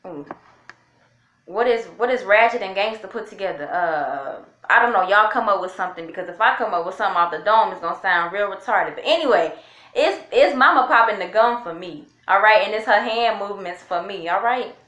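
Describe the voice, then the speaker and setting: A woman hosts her reaction video and chats straight to the viewers in a hyped, casual way. Her pitch sits mid-range, and her voice bounces around a roomy, echoey space. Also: a little fast, a bit bright, muffled recording. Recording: roomy echo.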